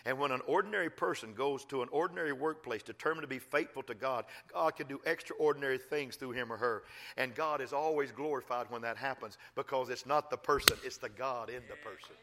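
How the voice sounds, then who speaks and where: Emphatic preacher with a bright voice. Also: male voice, mid-range voice, a little fast. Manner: folksy and emphatic, swinging from loud exhortation to quiet asides. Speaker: pastor. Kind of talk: sermon.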